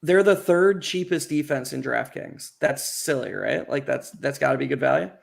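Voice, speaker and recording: A man co-hosting a casual sports chat, talking in a halting, rambling way with many fillers and false starts. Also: mid-range voice, gravelly. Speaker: co-host.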